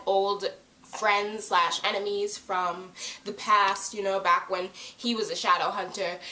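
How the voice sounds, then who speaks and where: Chatty woman recapping a show, roomy echo. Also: a little hiss or hum. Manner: chatty and animated, acts out quotes in loud high voices. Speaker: TV episode reviewer. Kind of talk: casual episode recap vlog.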